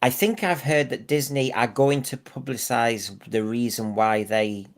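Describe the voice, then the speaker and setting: A man's voice: mid-range voice, steady tone, measured pace. A man co-hosting a podcast, opinionated and fond of rhetorical questions in casual discussion. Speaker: podcast co-host.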